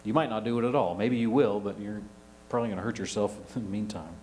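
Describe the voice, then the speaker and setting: A man, preaching a sermon, rising to loud emphasis and dropping to quiet asides. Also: lowish voice, fast, a little hiss or hum, rough recording. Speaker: pastor.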